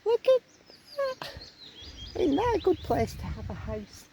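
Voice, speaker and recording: A woman's voice: sits high, big pitch swings, unhurried, creaky, mellow, slight background noise, rough recording. A woman in her fifties chatting to the camera as she hikes outdoors, asking her viewers questions as she goes. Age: 50s. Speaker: solo hiking vlogger. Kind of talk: casual walking vlog talking to camera. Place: outdoors on a countryside hike. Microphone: handheld camera held while walking.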